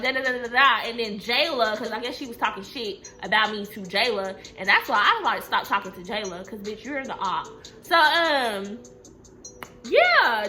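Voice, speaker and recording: A young woman from Texas telling a workplace storytime in a casual monologue, blunt and profane, jumping up in pitch as she acts out quotes. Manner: blunt, profane and animated, acting out quotes with big pitch jumps.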